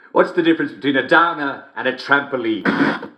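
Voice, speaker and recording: An actor playing a gleeful, smugly cruel middle-aged English television host in a video game, who giggles constantly between lines. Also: male voice, mid-range voice, bright, forceful tone. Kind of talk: video game character performance. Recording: roomy echo.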